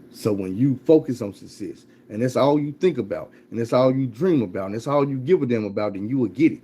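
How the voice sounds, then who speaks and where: A man's voice: mid-range voice, lively intonation, brisk, few pauses, dark tone, husky. A man telling a motivational story in a blunt, profane, repetitive way.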